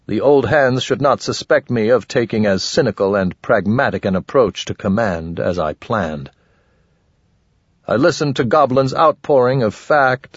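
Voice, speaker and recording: A man reads a first-person story with measured, dry delivery. His voice is low and husky. The sound is dry, close and somewhat dull and lo-fi. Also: no room sound. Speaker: audiobook narrator. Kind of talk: scripted first-person narration.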